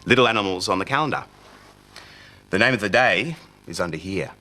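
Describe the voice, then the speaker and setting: A young man presenting a children's TV show, talking slowly and playfully in a sing-song way for small children. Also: low-pitched, animated, bright, forceful tone. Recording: music playing along.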